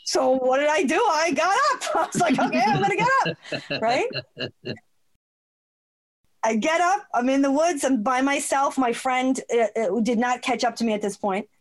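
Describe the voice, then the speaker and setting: This high-pitched woman is a guest in a conversation, recounting something from her own life. She's expressive, laughs readily, and acts out whoever she's quoting.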